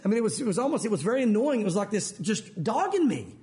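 High-voiced man teaching the Bible. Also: quick pace. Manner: chatty, sprinkled with "you know", animated storyteller. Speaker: men's ministry Bible teacher.

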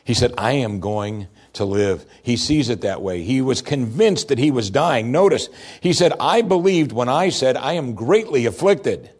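A man preaching a sermon as pastor, expressive, rising for emphasis and dropping soft and low when quoting scripture. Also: normal speed, few pauses, breathy edge.

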